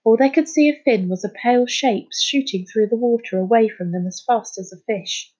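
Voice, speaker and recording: A woman narrating a children's story, reading aloud in a clear, even way. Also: medium pitch, normal speed, dull audio. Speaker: storybook reader.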